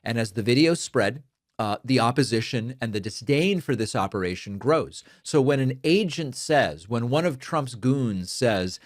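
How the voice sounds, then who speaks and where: A man who grew up speaking Spanish, hosting a political commentary show and talking in an earnest, emphatic, measured way into a studio microphone. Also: medium pitch, animated, no room sound. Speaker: show host. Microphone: studio dynamic microphone.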